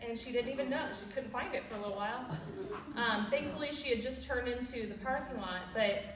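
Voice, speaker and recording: A woman in her forties, speaking on the high side and fairly quickly, tells a warm personal story with a devotional message at a church event, laughing at herself and acting out the people she quotes. It's recorded from far off in an echoey church hall with background noise.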